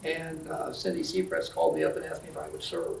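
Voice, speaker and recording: An older man and retiring county supervisor giving rambling, halting farewell remarks with many fillers at a board meeting. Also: a little high, big pitch swings, a little hiss or hum. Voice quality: gravelly. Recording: roomy, distant meeting-hall mic.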